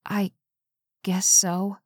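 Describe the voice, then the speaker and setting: A woman's voice: mid-range voice, flat delivery, very slow, a little mellow, husky, dry recording, clean studio sound. A woman reading aloud, voicing a frightened but determined young woman who talks in an urgent, coaxing, tense way.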